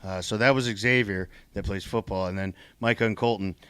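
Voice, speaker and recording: A middle-aged man on a casual podcast, telling a rambling story in a deadpan, halting way with lots of pauses. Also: on the low side, clean tone, no room sound.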